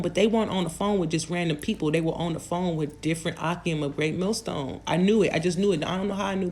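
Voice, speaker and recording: A woman's voice: sits low, darkish tone, a little hiss or hum. A woman telling a personal story in a casual, rambling way, with many fillers and restarts. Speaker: channel host.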